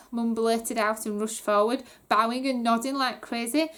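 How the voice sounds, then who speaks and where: A woman reading a children's book aloud with animated storytelling. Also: on the high side, moderate pace. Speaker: reader.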